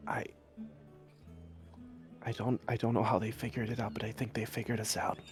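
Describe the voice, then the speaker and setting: A man's voice: on the low side, completely flat delivery, moderate pace, over music, voice pushed up, close to an everyday voice. A man voicing a nervous young male inn helper who stammers anxiously. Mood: worried.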